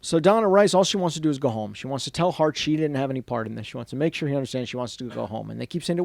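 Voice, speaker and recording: A man speaking to an audience at a bookstore event, telling a story in a lively way and dropping to a hushed voice when he quotes people. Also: mid-range voice, fast talker, vocal fry, few pauses, no room sound. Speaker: author giving a book talk. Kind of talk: storytelling book talk.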